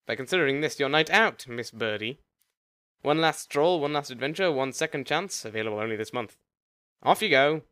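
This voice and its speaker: A man's voice: medium pitch, animated, brisk, pushed and bright, clean tone, dry recording. A man voicing a courteous male agent of the afterlife who talks in polished, formal sales patter.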